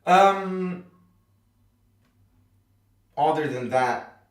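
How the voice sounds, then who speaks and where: A man's voice: on the high side, extremely slow, recorded from a distance. Heated ranting man in a roomy space. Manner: heated, blunt, swearing, repeats himself. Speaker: football fan channel host. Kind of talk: angry post-match reaction rant. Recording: roomy, a little off the mic.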